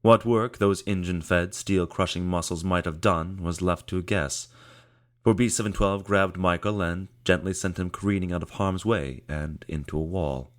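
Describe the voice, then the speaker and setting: This male audiobook narrator has a very deep, low voice. His scripted reading is measured and steady, and he stretches out key phrases as the story unfolds.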